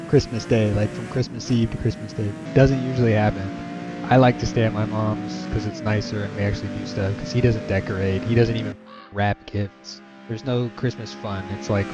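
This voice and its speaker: A young man telling a rambling, exasperated personal story as a vlogger. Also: on the low side. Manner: exasperated, rambling, many fillers. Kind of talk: casual storytelling rant. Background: music.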